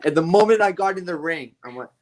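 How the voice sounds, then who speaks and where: A man who wrestles, chatting as a podcast guest and telling stories in an animated, casual way. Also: on the high side, quick pace. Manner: animated storyteller, swears lightly. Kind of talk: casual chat.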